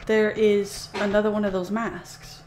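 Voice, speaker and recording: A woman's voice: medium pitch, background noise. A young woman, chatting casually as she streams a game, jumpy and easily spooked, laughing often. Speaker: gaming streamer. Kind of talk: casual let's play commentary.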